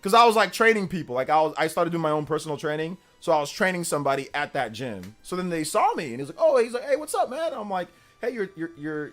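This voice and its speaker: A man hosting a live stream, telling stories in a casual, animated and slangy way. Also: on the high side. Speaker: streamer host. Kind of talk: casual livestream chat.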